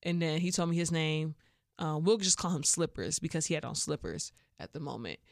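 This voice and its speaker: A young woman from Chicago with a Chicago accent, hosting a podcast and telling a story in a casual, animated way, acting out what people said. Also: sits low, brisk, creaky, no echo, clean studio sound. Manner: animated, acts out quoted voices with laughs. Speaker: podcast host.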